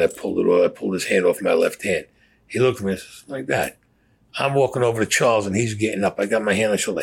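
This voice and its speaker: A man's voice: low voice, creaky, breathy edge, low-quality recording. A man bluntly recounting his own past in a casual, profane storytelling style, often acting out what was said. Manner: blunt, profane, acts out quotes.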